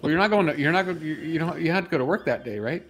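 A man co-hosting a casual morning show, teasing his partner in a relaxed way and offering advice. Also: fairly high pitch, racing, soft background music. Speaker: co-host.

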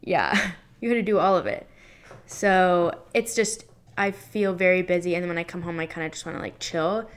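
A woman's voice: fairly low pitch, moderate pace, clean tone. A woman in her twenties co-hosting a podcast, chatting casually with lots of fillers and frequent laughs. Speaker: podcast co-host. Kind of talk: casual chat.

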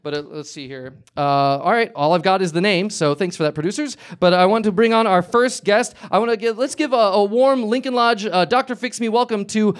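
A man hosting a comedic talk show live on stage, rambling and halting with sudden eager bursts. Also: high-pitched. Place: live stage before an audience.

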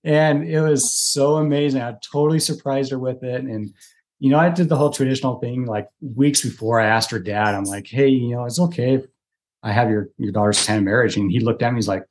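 A man's voice: mid-range voice, fairly quick. Chatty man telling a story. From Utah. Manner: animated, chatty storyteller who acts out quotes. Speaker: podcast guest. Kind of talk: casual storytelling.

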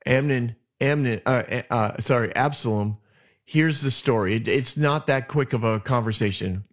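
A man hosting a podcast, retelling Bible stories in a casual, animated way and acting out the characters' lines. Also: mid-range voice, moderate pace. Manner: animated retelling with acted asides. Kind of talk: casual storytelling. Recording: dull lo-fi sound.

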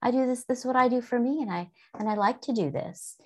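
A middle-aged woman explaining mindfulness for children, calm and gently instructive, sometimes speaking soothingly as if to a child. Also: on the high side, quick pace. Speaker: guest expert on mindfulness. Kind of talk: conversational explanation.

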